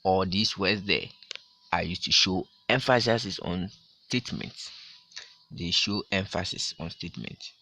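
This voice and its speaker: A man teaching a grammar lesson to his class, explaining slowly and repeating his examples with strong stress. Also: low voice, creaky, sharp tone. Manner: slow, repetitive explaining with emphatic stress.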